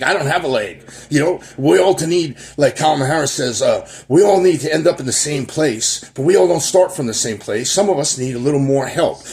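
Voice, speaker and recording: A man's voice: medium pitch, darkish tone. A man hosting his own show, giving heated, rambling political commentary full of restarts and trailing fillers. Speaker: host.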